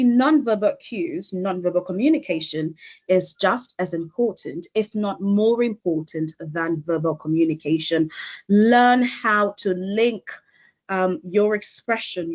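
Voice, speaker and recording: A woman elocution coach giving an online presentation over a video call, speaking deliberately and with emphasis. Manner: deliberate, emphatic, with lively pitch shifts.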